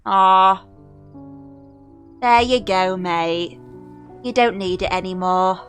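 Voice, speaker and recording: A woman's voice: medium pitch, takes it slowly, pauses often, a bit bright, faint music behind. A woman streaming a game live, reacting emotionally and exclaiming at the screen, teary and near crying.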